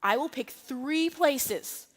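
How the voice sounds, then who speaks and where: A woman playing an exasperated husband who has run out of patience with his wife's indecision. His lines come short and clipped. The voice sits high and rings with long reverb, as if in a big hall. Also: expressive, slow pace, fairly bright tone, full character voice. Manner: impatient, clipped. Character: exasperated husband pushing his wife to choose dinner.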